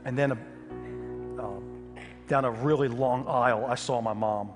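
Male pastor, lively comic storytelling sermon, reverberant hall, faint music behind. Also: mid-range voice, moderate pace. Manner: animated, humorous storytelling with sudden loud outbursts.

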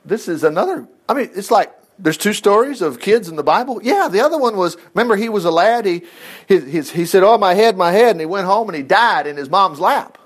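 A man preaching a folksy sermon, reading scripture aloud and breaking off into lively asides and laughter. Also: sits high, fairly quick, husky. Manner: folksy, animated, reads scripture then riffs with asides and laughs.

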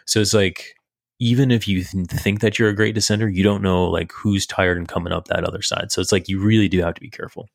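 A man's voice: low voice, fairly even intonation, fast talker, vocal fry, no room sound, studio quality. A man hosting a podcast and coaching cyclists, chatting casually and teasing his guest. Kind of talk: casual chat.

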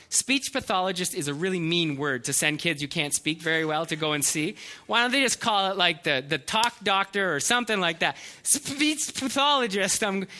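High, bright-voiced preacher man. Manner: earnest storytelling preacher, slight hesitations and restarts. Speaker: pastor. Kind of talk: sermon.

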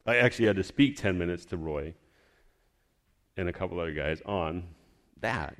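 A man's voice: deep voice, animated, normal speed. A man giving a personal testimony to his church, telling a story in a rambling, heartfelt way.

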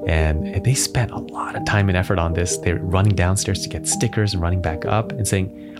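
A man in his thirties with a low voice shares a family story on a podcast, easygoing and chuckling as he goes. Soft instrumental music plays clearly underneath. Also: normal speed, hardly any pauses. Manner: warm anecdotal, chuckling, playful voices for his kids. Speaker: podcast co-host.

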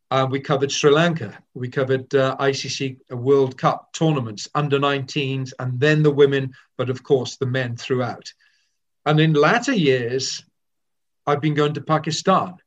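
An older man, a veteran sports broadcaster, telling self-deprecating stories in an interview. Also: mid-range voice. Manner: anecdotal and self-deprecating, with frequent restarts. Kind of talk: reflective interview storytelling. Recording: slightly dull lo-fi sound.

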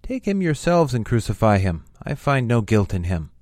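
A man's voice: lowish voice, very animated, moderate pace, darkish tone, no room sound, studio quality. A man voicing an uneasy Roman governor. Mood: questioning.

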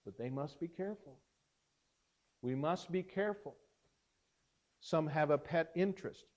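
Male pastor preaching with earnest emphasis, somewhat higher voice, dull lo-fi recording. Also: measured pace, darkish tone. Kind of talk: sermon.

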